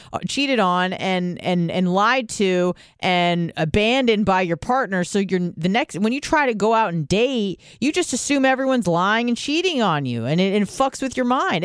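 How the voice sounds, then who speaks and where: A man in his thirties hosting a call-in show in a loose, profane, animated way. His voice swoops up and down a lot and sounds smooth and full. The sound is dry and close, with no room to it. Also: high-pitched, dry recording. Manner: animated, swearing, laughs at his own stories. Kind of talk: casual profane call-in chat.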